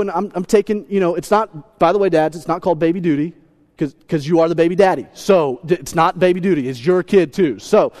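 A man in his thirties preaching a sermon, telling a story in an animated, self-deprecating way and often repeating his words. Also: high voice. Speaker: pastor.

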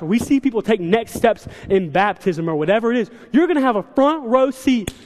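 A young man preaching a sermon in a church, telling stories with quick, animated asides. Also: high-pitched. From South Carolina. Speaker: church speaker. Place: large church hall. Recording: long hall reverb.

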